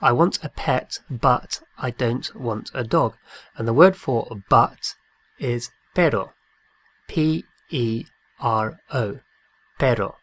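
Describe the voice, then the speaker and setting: Slow, patient male Spanish teacher. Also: mid-range voice, fairly bright tone. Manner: patient, repeats each phrase and spells words out. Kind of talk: slow drilled language lesson.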